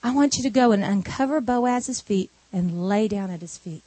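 A woman's voice: mid-range voice, normal speed, dark tone, no room sound, pitched below the performer's own voice, close to an everyday voice. A woman preacher voicing an older mother-in-law who gives firm, matter-of-fact instructions. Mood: instructing.

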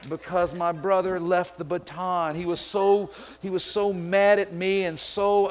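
Here a middle-aged Mississippi pastor speaks in a high-pitched voice, a little slowly and with hardly any pauses. His sermon centers on a story that drives home his point, rising until he's shouting excitedly.

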